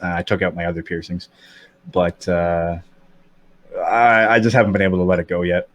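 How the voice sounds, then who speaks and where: A man's voice: sits low, flat delivery, normal speed. A man in his thirties with a slight lisp, chatting candidly as a podcast guest, with many fillers and restarts. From Canada. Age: 30s. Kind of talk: casual chat.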